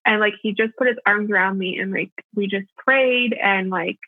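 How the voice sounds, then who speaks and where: A woman's voice: mid-range voice, moderate pace, no echo. A young adult woman telling a personal story as a podcast guest, chatty and full of filler words. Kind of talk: casual storytelling. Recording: tinny phone-line audio, dry.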